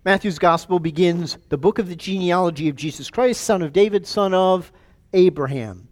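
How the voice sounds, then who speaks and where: Animated high-voiced male pastor preaching. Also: moderate pace. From United States. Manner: animated, engages the congregation, repeats words. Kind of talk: sermon. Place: church sanctuary.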